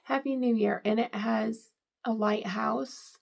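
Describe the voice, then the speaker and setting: A middle-aged woman talks unhurriedly through a casual home vlog, gushing over each gift she unwraps. Her voice sits a touch high with a gravelly fry. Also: fairly even intonation, slow pace, darkish tone. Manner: gushing, delighted, lots of "I love it". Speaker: vlogger unboxing gifts.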